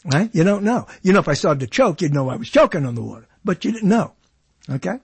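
A man hosts his own show in a loose, wandering monologue, clearing his throat now and then. His voice sits high and husky, and his pitch swings widely. The sound is close and dry. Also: very animated, fast talker, no echo. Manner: digressive, chatty, clears throat often. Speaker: show host. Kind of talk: casual rambling monologue. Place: indoors, cold dry room.

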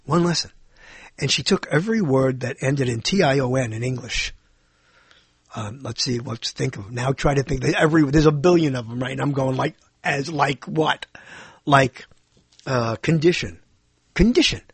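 A man's voice: medium pitch, moderate pace, breathy edge, no echo. A middle-aged man hosting a podcast, rambling through a solo monologue, correcting himself and chuckling as he goes. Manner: digressive, self-correcting, chuckles often. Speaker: podcast host.

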